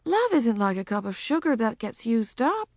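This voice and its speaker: A woman reading a gentle, tired mother. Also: a little high, normal speed, no room sound, studio quality. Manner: gentle and calm. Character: patient gentle mother, tired but loving. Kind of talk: audiobook character voice.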